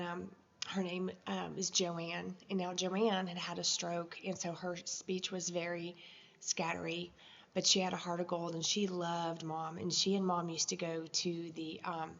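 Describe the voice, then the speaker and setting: A woman recording a personal video journal, telling a story in an emotional, halting way with many pauses. Her voice has a gravelly, creaky edge. The sound is slightly dull and lo-fi. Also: lowish voice, a little hiss or hum. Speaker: vlogger.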